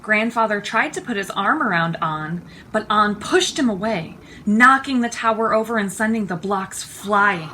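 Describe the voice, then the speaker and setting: A woman teacher reading a picture book aloud for children in an expressive, unhurried storytime manner. Her voice is bright and clear, with faint noise behind it. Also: medium pitch, rough recording.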